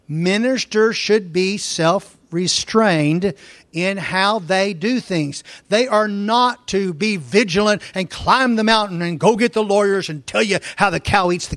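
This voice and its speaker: A man pastor preaching a sermon, telling folksy stories and slowing down to read scripture verse by verse. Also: high voice, a bit bright, dry recording.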